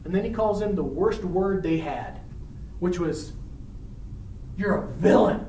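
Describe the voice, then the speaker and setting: A man's voice: high voice, measured pace, warm tone, slight background noise. A male teacher casually retelling a play, chatty and often checking in with "right?". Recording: roomy, from far off.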